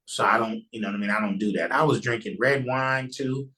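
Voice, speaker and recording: A man's voice: medium pitch, fairly quick, bright, forceful tone, low-quality recording. A man guesting on a podcast, earnestly telling a personal testimony in a loose, conversational way and often restarting his sentences.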